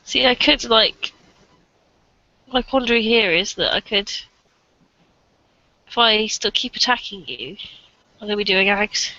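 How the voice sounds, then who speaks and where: A bright, sharp-voiced player hesitates with frequent ums while talking through a tabletop role-playing game. The recording is dry and dull, with a lo-fi sound. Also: mid-range voice, animated, a little slow, pauses often, dry recording. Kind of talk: casual tabletop role-play chat.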